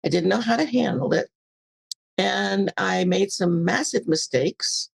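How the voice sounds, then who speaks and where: A woman's voice: medium pitch, measured pace, creaky, husky. An older woman, a podcast guest, telling a personal story in a casual interview and acting out the dialogue animatedly.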